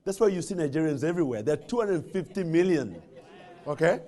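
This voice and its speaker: Male guest speaker, slightly high voice, lively storyteller who stumbles and restarts. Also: fairly quick. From Uganda. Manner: animated storytelling with jokes and repeated restarts. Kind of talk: humorous motivational speech.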